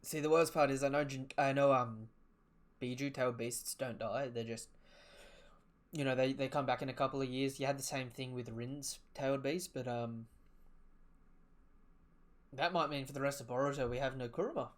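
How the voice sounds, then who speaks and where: A man hosting a live manga reaction, emotional and sighing, with sudden loud outbursts. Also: medium pitch, steady tone, normal speed, long pauses. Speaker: youtube reaction host.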